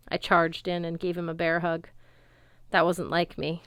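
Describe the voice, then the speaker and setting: A woman giving a steady, wry first-person audiobook narration in a studio. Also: lowish voice, normal speed, smooth, no echo.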